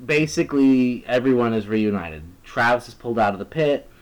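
A man's voice: mid-range voice, animated, brisk, rough recording. A man co-hosting a casual podcast chat, retelling a TV episode in an easygoing way with short agreeing replies. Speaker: podcast co-host.

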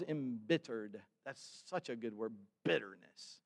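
A man preaches a sermon in a slightly high voice, moving from loose, chatty asides full of restarts into louder, more emphatic readings of scripture. His delivery is conversational and earnest, as if talking directly to the congregation. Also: expressive, normal speed. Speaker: pastor.

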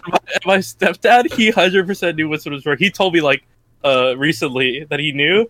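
A young man telling a story casually to friends, animated, laughing often and swearing. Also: fairly high pitch, moderate pace.

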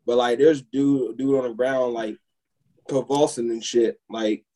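A man's voice: mid-range voice, steady tone, unhurried, dark tone, poor audio. A man co-hosting a podcast in casual chat, rambling with lots of filler words. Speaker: podcast co-host.

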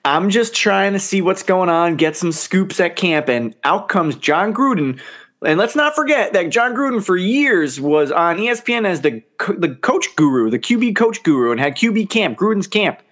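A male sports podcast co-host with a slightly higher voice chats casually about football. He is animated, laughs easily and lets the odd curse slip. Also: moderate pace. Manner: animated, laughs often, swears.

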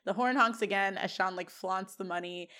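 Young woman podcast co-host, casual recap, animated and playful delivery. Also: mid-range voice, moderate pace. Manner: animated retelling with quoted lines.

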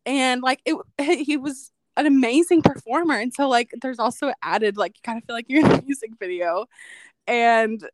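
A woman's voice: on the high side, normal speed, no room sound. Chatty young woman, dry close sound. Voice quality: says "like" a lot, chatty and reflective. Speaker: podcast co-host. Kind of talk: casual chat, personal storytelling.

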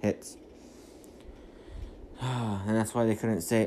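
A man's voice: fairly low pitch, unhurried, long pauses, dark tone, slight background noise. A man rambling through a casual movie recap on a phone mic, full of fillers and restarts. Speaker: podcast host.

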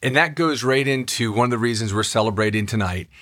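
A man's voice: medium pitch, fast talker, a bit bright, no echo, studio quality. A man, a podcast co-host and actor, chatting casually and telling an enthusiastic personal story.

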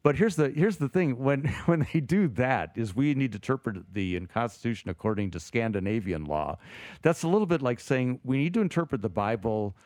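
Animated man thinking aloud, dry sound. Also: mid-range voice, brisk, dry recording. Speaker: podcast co-host, theologian. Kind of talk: casual theological discussion.

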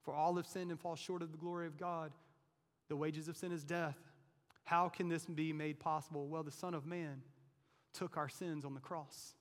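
A male pastor preaching in a high-pitched voice. He delivers the sermon conversationally and keeps checking in with the listeners. The voice rings out with the long reverb of a large church hall. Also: little pitch movement, moderate pace. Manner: conversational preaching, frequent "like" and "right?".

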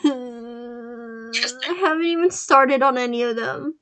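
A woman's voice: on the high side, fairly even intonation, slow, a bit bright. A young woman co-hosting a casual podcast, rambling with lots of fillers and giggles. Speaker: podcast co-host. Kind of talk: casual chat.

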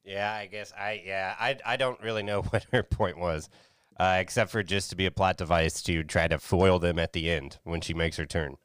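A low-voiced man chats about a film in a relaxed podcast conversation. He is laid-back and swears casually. His voice is recorded close and dry. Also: normal speed, clear, resonant tone, dry recording. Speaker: podcast co-host. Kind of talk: casual movie review chat.

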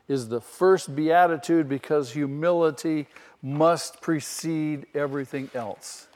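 A male pastor delivers a sermon in a church, pressing his points and firing rhetorical questions at the congregation. His voice sits fairly high for a man. The sound carries a long hall reverb. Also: slow pace, darkish tone.

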